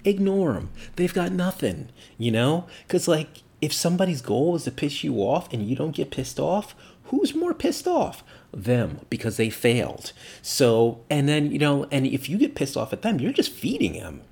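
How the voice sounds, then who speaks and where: A man's voice: fairly high pitch, huge pitch swings, normal speed, gravelly, few pauses, darkish tone, slightly rough. A man talking casually about his opinions, rambling, full of fillers and restarts, and swearing bluntly.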